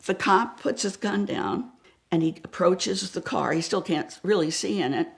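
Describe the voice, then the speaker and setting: An older woman from the New York area tells a story with a fair bit of gravel in her fairly low voice. She acts out every character and drops to a hush at the tense moments. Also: moderate pace. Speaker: guest storyteller. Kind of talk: animated anecdote telling.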